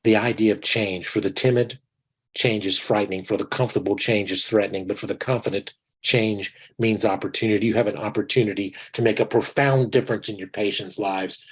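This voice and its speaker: A man's voice: fairly low pitch, breathy edge, rough recording. A man in his sixties, a dentist giving an online lecture in a folksy, earnest manner, often calling his listeners his friends. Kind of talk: online lecture with personal stories.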